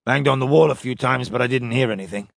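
A man voicing a rough male spaceship crewman, talking in a slow, blunt way with informal slang. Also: mid-range voice, dry recording, studio quality. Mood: puzzled.

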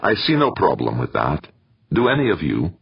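A stern older professor voiced by a man, formal and measured, pressing each point with pointed questions. The voice is low and husky, with lively rises and falls, heard in a dull, dry audiobook recording. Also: no echo, heavily acted. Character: stern older male professor chairing a meeting.

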